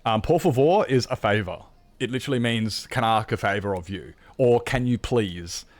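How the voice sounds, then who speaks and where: A man chatting casually on a live game stream, rambling and joking, with sudden high, excited greetings. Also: normal speed.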